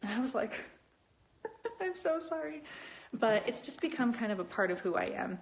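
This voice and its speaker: A young adult woman chatting casually on a live stream, talking with viewers in an animated, lively way. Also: normal speed. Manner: chatty and animated, with many upward pitch jumps. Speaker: cosplayer hosting a live stream.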